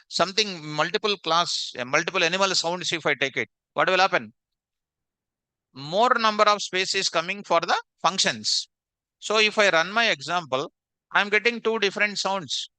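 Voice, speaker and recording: A man's voice: high voice, sharp tone, no room sound. A man teaching a programming class, repeating questions and quizzing his students. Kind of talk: live online coding class.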